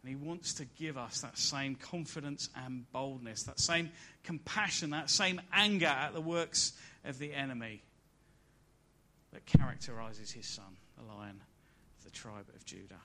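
Bright-voiced male preacher, rising and falling. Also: measured pace. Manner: swells to loud emphatic peaks, then drops soft and low. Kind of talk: sermon. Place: church service.

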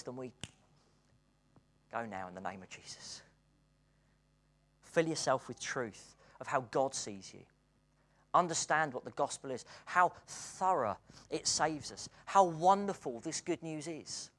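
Earnest British preacher, hushed to excited. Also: medium pitch, unhurried, long pauses. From Britain. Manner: earnest, swings from hushed to excited, laughs between points. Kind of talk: sermon.

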